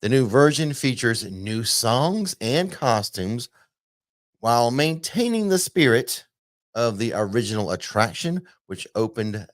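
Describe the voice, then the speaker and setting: A man's voice: medium pitch, very animated, unhurried, dry recording, clean studio sound. A man hosting a casual theme park news podcast, chatty and loose, with plenty of fillers. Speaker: podcast host.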